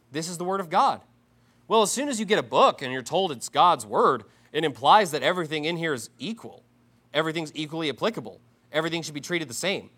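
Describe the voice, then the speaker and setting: A man preaching a sermon, combative and mocking, swinging between loud outbursts and low asides. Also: breathy edge. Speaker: pastor.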